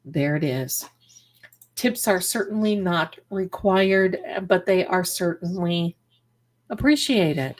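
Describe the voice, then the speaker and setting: Chatty, rambling woman streamer, lowish voice. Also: expressive, takes it slowly. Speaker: psychic live streamer. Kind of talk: casual live-stream chat, reading comments aloud.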